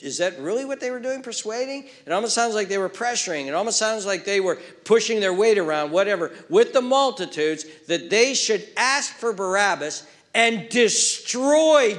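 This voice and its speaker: A man preaching an expository sermon, moving between loud emphasis and hushed, near-whispered asides. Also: sits high, lively intonation, moderate pace.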